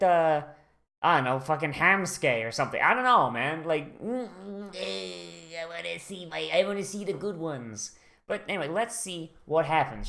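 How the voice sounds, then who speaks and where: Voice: mid-range voice, gravelly. Rambling, sweary anime reaction streamer. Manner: rambling, sweary and excitable, with many fillers. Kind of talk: casual watch-along commentary.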